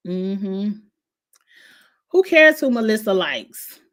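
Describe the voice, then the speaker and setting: A woman's voice: medium pitch, sing-song, slow, a bit bright. Woman ranting about reality tv, blunt and opinionated, cusses a lot, aave. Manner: blunt, opinionated, swears freely. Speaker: host. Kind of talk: casual reality TV recap.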